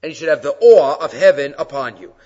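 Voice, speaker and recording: Expressive and a little fast, with a dark tone and a voice on the high side, a rabbi explains sources in his weekly Torah class. He reads and translates verses and asks rhetorical questions of his listeners, captured in dull lo-fi audio with long reverb.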